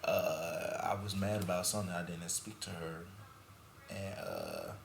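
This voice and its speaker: Young male podcast host, very low voice, casual slang storyteller, echoey room with faint hiss. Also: wildly swooping pitch, unhurried, vocal fry. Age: young adult. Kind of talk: casual chat.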